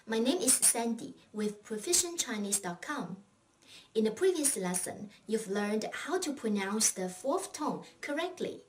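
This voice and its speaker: A woman gives a scripted language lesson in a slow, patient and encouraging way, with her pitch rising and falling in a lively, animated way. She sounds a little set back from the microphone, with a faint hiss under her voice. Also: distant mic. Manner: patient, encouraging, pauses for learner replies. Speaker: Chinese language teacher.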